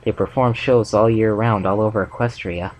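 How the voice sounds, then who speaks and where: A man's voice: on the low side, fairly even intonation, moderate pace, darkish tone, close to an everyday voice, poor audio. A man voicing a blunt, remorseful tomboy female pony in an amateur fanfic reading, in a plain, subdued voice. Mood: regretful.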